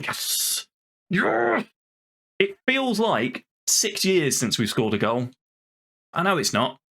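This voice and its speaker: A man's voice: mid-range voice, a bit bright. A young man commenting casually on a football management game he plays, frustrated and swearing, talking to himself and his players. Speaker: video game streamer.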